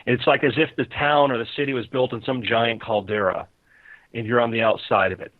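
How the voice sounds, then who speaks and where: A man's voice: medium pitch, steady tone, a little fast, dry recording, narrow, tinny audio. A man narrating a tabletop game as game master, setting scenes descriptively.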